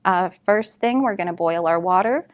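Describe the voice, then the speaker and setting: Woman giving a relaxed drink-making demo. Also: fairly low pitch, normal speed. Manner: relaxed instructional, frequent fillers. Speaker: community food associate. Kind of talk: cooking demonstration.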